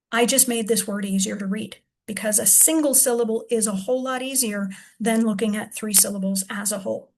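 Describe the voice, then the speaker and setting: A reading teacher gives a demonstration lesson, thinking aloud as she works through a word and slowly sounds out each syllable. Her voice is a little high.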